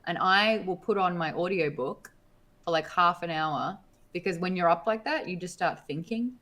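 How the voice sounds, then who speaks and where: Woman co-host, animated storyteller, a bit lower pitched. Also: normal speed. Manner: animated storyteller, acts out quotes. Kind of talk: casual chat.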